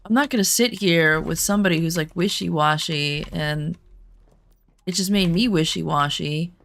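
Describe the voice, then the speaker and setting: A woman talks casually while playing a game, drifting from quiet murmurs into chatty, rambling stories. Her voice sits low with a gravelly, fry-laced edge. The sound is close and dry, with no room around it. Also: moderate pace, no room sound. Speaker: gaming streamer. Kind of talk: casual chat while gaming.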